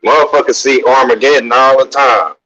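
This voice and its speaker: A man's voice: medium pitch, steady tone, fairly quick, bright, forceful tone. A man musing and rambling in casual chat. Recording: dull lo-fi audio.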